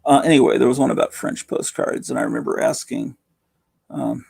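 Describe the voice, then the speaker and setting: A hoarse man in his fifties hosting a rambling, casual late-night livestream from home, keeping his voice down. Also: medium pitch, huge pitch swings, fairly quick, a little mellow. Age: 50s. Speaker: livestream host.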